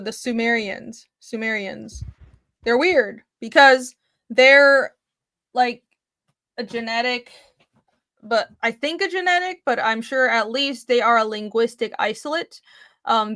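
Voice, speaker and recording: Woman co-host, lively and quick, laughs between points; fairly high voice. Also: no room sound. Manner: animated, laughing, quick asides. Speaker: podcast co-host. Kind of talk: casual chat.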